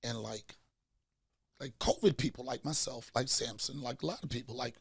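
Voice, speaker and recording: A man hosting a comedy podcast, joking loudly and repeating lines for laughs. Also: mid-range voice, normal speed, creaky, breathy edge, no echo, studio quality. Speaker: podcast host. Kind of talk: casual comedic chat.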